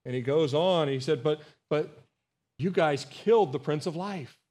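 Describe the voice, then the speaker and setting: A man's voice: fairly high pitch, moderate pace, a little mellow. A male pastor preaching a Bible study sermon, earnest and emphatic, repeating words and calling out to his congregation. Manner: earnest, emphatic, rising on key phrases, asks the congregation "Amen?"; repeats words and restarts phrases.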